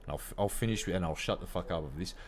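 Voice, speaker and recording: Deep-voiced, foul-mouthed Australian man in his fifties. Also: rapid-fire, a little hiss or hum. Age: 50s. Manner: blunt, heavily profane ranting. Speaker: gaming vlogger. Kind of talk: casual rant to camera.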